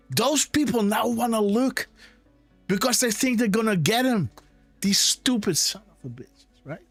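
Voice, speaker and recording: Man, high voice, dry close sound, faint music under, insistent rhetorical live commentary. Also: animated, unhurried, pauses often, fairly bright tone, no room sound. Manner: insistent, rhetorical, keeps saying "guys" and "right?". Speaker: host of a live decode show.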